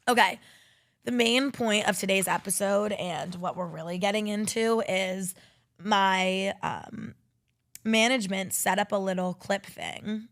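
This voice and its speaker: A woman's voice: mid-range voice, a little slow. A young woman hosting a podcast, rambling through her week in casual chat, swearing freely and telling stories with lots of energy. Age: young adult. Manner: rambling, swears a lot, animated storytelling. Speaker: podcast host.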